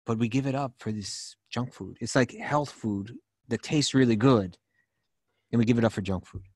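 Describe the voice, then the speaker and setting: A man's voice: mid-range voice, normal speed, darkish tone, no room sound, studio quality. A man co-hosting a casual spiritual podcast chat, mostly chiming in with short agreeing remarks. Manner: affirming, chimes in briefly. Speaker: podcast co-host.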